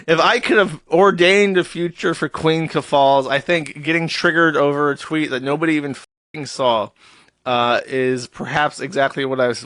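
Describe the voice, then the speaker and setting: Sarcastic male streamer, bright dry voice. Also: fairly high pitch, dry recording. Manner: sarcastic, profane, reading posts aloud in a mock-serious tone. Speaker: streamer host. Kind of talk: mocking live-stream commentary.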